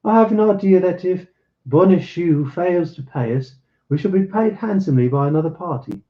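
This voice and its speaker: A man's voice: sits high, lively intonation, normal speed, reverberant, muffled recording, voice pushed up. A man voicing a bold, cunning young swordsman who talks in a raised, emphatic, commanding way. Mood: scheming.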